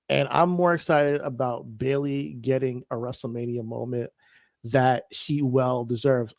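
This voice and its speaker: A man co-hosting a podcast in casual chat, animated and laughing, getting emotional as he talks. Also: medium pitch, creaky, no room sound. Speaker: podcast co-host.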